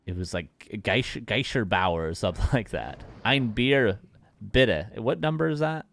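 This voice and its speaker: A man's voice: fairly low pitch, sing-song, normal speed, creaky. A man casting game replays live, joking and chatting with his viewers as he goes. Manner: joking, playful, chats with viewers. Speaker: caster.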